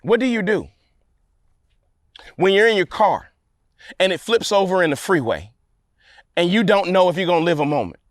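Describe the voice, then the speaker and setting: A man pastor preaching a sermon, building repeated refrains with dramatic pauses and swings from loud declarations to low, quiet lines. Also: animated, no echo, studio quality. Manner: preaching with call-and-response repetition and dramatic pauses.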